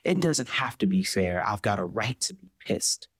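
A man's voice: fairly low pitch, sing-song, normal speed, breathy edge, no room sound, studio quality, exaggerated voice. A man voicing a furious, blunt swearing woman. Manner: curt, profane retorts.

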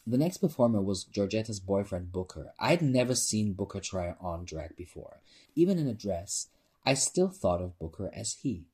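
Husky man reading a novel aloud. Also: lowish voice, very animated, normal speed, a little mellow. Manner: informal reader who stumbles and restarts. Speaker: narrator.

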